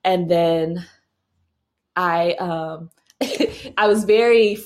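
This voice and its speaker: A woman's voice: fairly low pitch, drawn-out words, a little mellow. A young adult woman telling a personal story casually, with frequent laughs, fillers and restarts. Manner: chatty, laughing often, many fillers and restarts. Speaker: mother telling her birth story.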